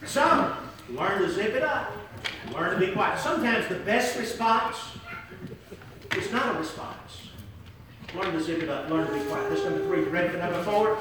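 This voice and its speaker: A man's voice: high voice, sing-song, moderate pace, noisy background. A man preaching a sermon in an emphatic way. He repeats key phrases and jokes with the congregation. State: hot and sweating. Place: large church hall. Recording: echoey hall, voice from far off.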